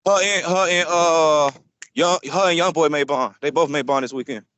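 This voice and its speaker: A man's voice: fairly high pitch, normal speed, dry recording. Man explaining things offhand on a podcast. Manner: relaxed, explaining news offhandedly. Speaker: podcast co-host. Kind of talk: casual chat.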